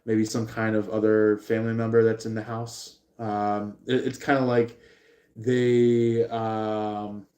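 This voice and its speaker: A man giving a live tarot reading, rambling and halting with many fillers. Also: on the low side, flat delivery, warm tone. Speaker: tarot reader. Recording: roomy echo.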